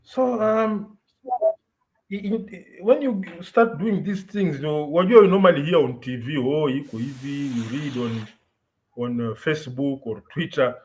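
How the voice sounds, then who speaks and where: A man's voice: fairly high pitch, unhurried, rough recording. A Kenyan man in casual, opinionated podcast chat, switching between English and Swahili as he tells stories. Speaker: podcast host.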